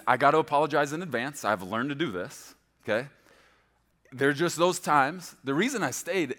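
A male preacher delivers a sermon with a bright, forward voice that swings widely up and down in pitch. He rushes some phrases and draws others out slowly for emphasis, and keeps checking in with the congregation. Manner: animated, emphatic, speeds up and slows down for stress; checks in with the congregation, repeating "okay?". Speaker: pastor.

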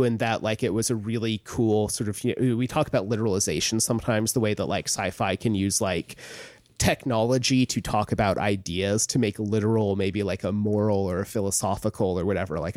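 Podcast co-host, male, lowish voice, rambling casual book talk, dry close mic. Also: darkish tone, dry recording. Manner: rambling, many "like"s and restarts.

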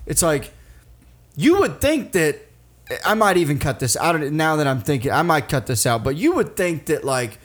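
A man hosting a podcast, talking loosely and warmly to his guest with plenty of casual swearing. His voice sits a touch high for a man. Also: big pitch swings, normal speed. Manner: conversational, swears, encouraging. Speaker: podcast host.

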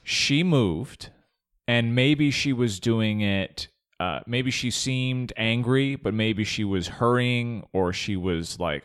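A man's voice: fairly low pitch, slow, a bit bright, clear, resonant tone. A man in casual chat who questions the other speaker and reasons through arguments aloud. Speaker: conversation partner.

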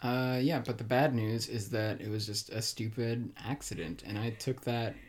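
A man co-hosting a casual podcast, talking in a soft, halting, earnest way. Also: medium pitch. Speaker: podcast co-host.

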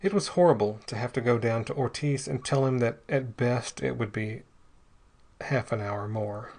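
A man narrating a pulp adventure story in a steady, dramatic storytelling manner. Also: medium pitch, moderate pace, gravelly.

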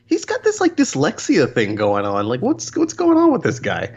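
A man in casual chat as a podcast co-host, laughing and joking, slipping into quick impressions. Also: a little high, slightly rough, muffled recording. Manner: laughing, animated, jokey impressions.

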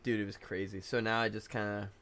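A man's voice: fairly low pitch, level tone, quick pace, a bit bright. A young man co-hosting a podcast in casual chat, rambling through his stories with plenty of "like" and swearing. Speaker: podcast co-host.

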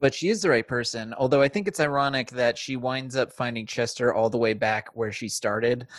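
Podcast co-host, male, chatty and profane, close dry mic, mid pitch. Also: fairly quick, no echo. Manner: chatty, swears, laughs easily. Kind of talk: casual film discussion.

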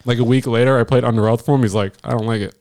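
A man's voice: mid-range voice, fast. A man co-hosting a casual podcast, telling concert stories with lots of swearing and jumping into his friends' voices. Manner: animated storyteller, acts out friends' voices, swears freely. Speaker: podcast co-host. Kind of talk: casual chat.

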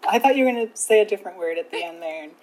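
A woman's voice: mid-range voice, animated, fast, a little mellow, poor audio. A woman, a former zookeeper, guesting on a casual podcast, giggly and rambling.

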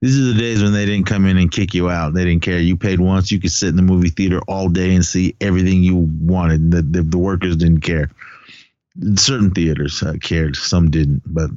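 Deep-voiced man chatting about movies. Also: fairly even intonation, moderate pace, a little mellow, no echo, highs cut off. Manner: rambling, laughs often, many fillers. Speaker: podcast co-host. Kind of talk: casual movie podcast chat.

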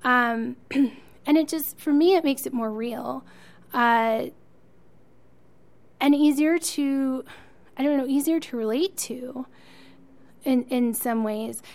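A woman's voice: high-pitched, takes it slowly, pauses often, a little mellow. A woman co-hosting a podcast, chatting enthusiastically as a fan and laughing often. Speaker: podcast co-host. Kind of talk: casual chat.

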